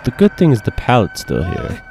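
A man giving casual gameplay commentary, excitable, profane and joking, with sudden yelps. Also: medium pitch, brisk, vocal fry, faint music behind. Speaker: gaming commentator.

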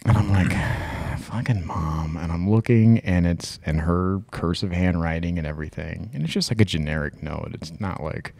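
A man's voice: low voice, moderate pace, gravelly, few pauses, darkish tone, no room sound. A man co-hosting a podcast, telling a long personal story in casual chat, rambling and swearing freely. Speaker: podcast co-host.

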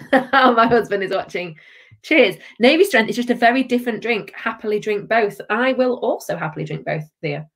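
A woman's voice: fairly high pitch, animated, moderate pace, fairly bright tone. A woman hosting a live tasting stream, chatting casually, bubbly and reading out viewer comments. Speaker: livestream host.

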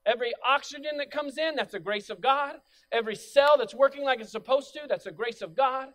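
A man's voice: extremely high pitch, fairly quick, a bit bright. A middle-aged male pastor preaching a sermon in a church, emphatic, repeating key phrases and asking the congregation to say them back. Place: church sanctuary.

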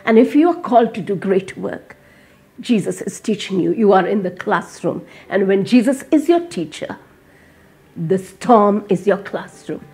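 A woman's voice: mid-range voice, expressive, a little slow, a little mellow. Earnest woman giving a devotional message. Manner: earnest, repetitive emphatic phrasing with frequent fillers. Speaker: Bible motivational speaker. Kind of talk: devotional sermon.

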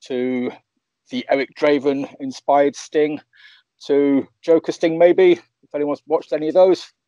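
A man hosting a casual wrestling podcast, talking in a relaxed, upbeat way with lots of fillers. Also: fairly high pitch, measured pace, highs cut off. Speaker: podcast host.

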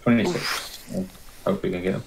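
A man's voice: sits low, fairly quick, vocal fry, slight background noise. A man as a player in a tabletop game, giving short matter-of-fact remarks. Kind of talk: casual tabletop game play.

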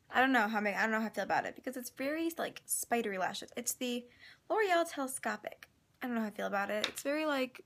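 High, bright-voiced young woman vlogging. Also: slight background noise. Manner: rambling, chatty, dramatic. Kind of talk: casual vlog chat.

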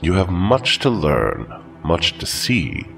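A man voicing a calm, formal ancient demon-bound master who speaks in a measured way. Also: low-pitched, creaky, far from the mic, soft background music, pitched above the performer's own voice, exaggerated voice.

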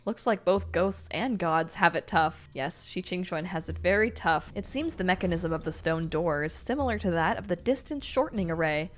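A young woman hosting a comic read-through, giving gushing, excitable commentary and exclaiming often. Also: lowish voice, normal speed, hardly any pauses. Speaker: host reading a comic.

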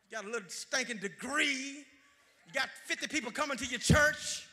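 A man preaching a sermon as pastor, repeating phrases for emphasis and swinging from shouts down to near-whispers in a church sanctuary. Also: extremely high pitch, quick pace. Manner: repeats phrases for emphasis, half-sings lines.

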